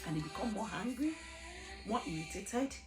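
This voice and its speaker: Lady preaching her testimony, earnest, pitch all over the place, roomy echo. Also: expressive, normal speed. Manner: earnest, emphatic, with rhetorical questions. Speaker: gospel speaker. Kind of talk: personal testimony sermon. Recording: echoey room with faint music.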